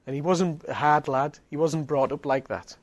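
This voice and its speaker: A man's voice: a little high, fairly even intonation, moderate pace. Earnest preacher man. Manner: emphatic, earnest preaching with repeated phrases. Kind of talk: sermon.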